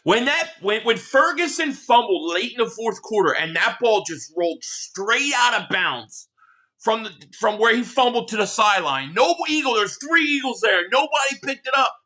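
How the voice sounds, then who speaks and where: A man's voice: very high voice, big pitch swings, moderate pace, pushed and bright. A man hosting a live sports reaction stream, ranting heatedly and with lots of profanity while reading out viewer chats.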